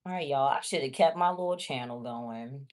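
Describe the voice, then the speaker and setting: A woman's voice: rumbling low, normal speed, darkish tone. A woman giving a casual tarot reading, chatty and blunt, talking straight to her viewers. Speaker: tarot reader.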